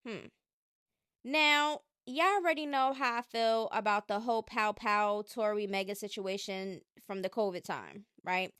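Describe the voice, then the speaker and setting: A woman's voice: medium pitch, measured pace, a bit bright, clean tone, no room sound, clean studio sound. A woman hosting a casual gossip commentary, talking in an opinionated, chatty way and drawing out her emphasis. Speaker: commentary channel host.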